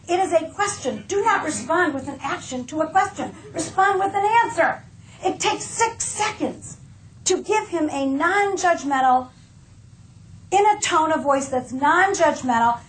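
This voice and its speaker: A woman's voice: high voice, lively intonation, normal speed, roomy sound, noisy background. A woman speaker giving a humorous keynote talk, acting out the voices of the people she describes. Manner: comic, acts out quoted voices.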